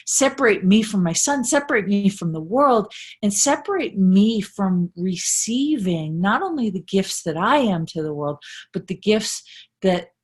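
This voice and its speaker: A middle-aged woman coach talks straight to her audience in a casual, heartfelt way, her voice husky and breathy. She stresses points by repeating phrases and keeps checking in with a quick "right?". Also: mid-range voice, lively intonation, a little mellow. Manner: earnest, emphatic, repetitive, with frequent "right?" tags. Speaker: life coach and motivational speaker. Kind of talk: casual live motivational talk.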